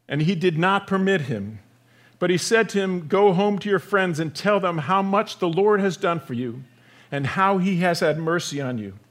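Man preaching with big swings in force. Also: fairly high pitch. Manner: dynamic preaching, swings from loud emphasis to hushed softness. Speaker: pastor. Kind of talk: sermon.

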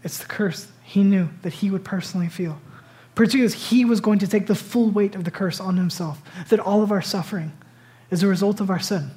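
A man preaching a sermon as a pastor, retelling stories dramatically, swinging between loud bursts and hushed whispers. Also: high-pitched, fairly quick.

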